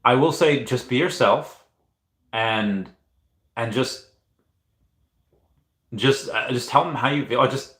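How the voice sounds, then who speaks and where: This thirties-aged livestream host speaks slowly, leaving long pauses, his medium-pitched voice a bit bright. In an echoey room he rambles casually, reads out chat comments, and often falters and starts his sentences over.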